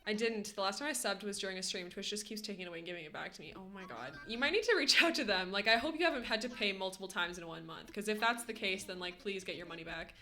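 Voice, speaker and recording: A woman's voice: medium pitch, fast, hardly any pauses, sharp tone. A young woman streaming from home, casually chatting and answering her chat with playful slang. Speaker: game streamer. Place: home room. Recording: roomy echo.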